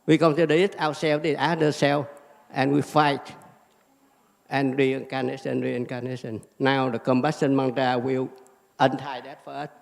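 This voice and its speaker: Gravelly male teacher, halting and fragmented, long reverb of a hall. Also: medium pitch, flat delivery. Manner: halting, fragmented phrasing with many fillers. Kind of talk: dharma lecture.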